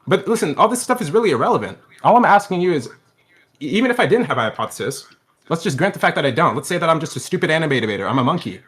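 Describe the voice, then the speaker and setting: Man, combative debater, higher voice, rapid delivery, mocking tone. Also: big pitch swings, fairly bright tone. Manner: combative, mocking, laughs between points. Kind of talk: heated online debate.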